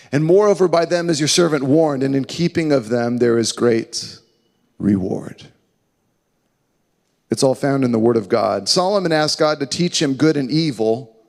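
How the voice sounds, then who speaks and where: Male pastor, higher-pitched, emphatic sermon delivery with hushed scripture quotes, reverberant hall sound. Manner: earnest, emphatic preaching with slow dramatic drops to hushed quotes.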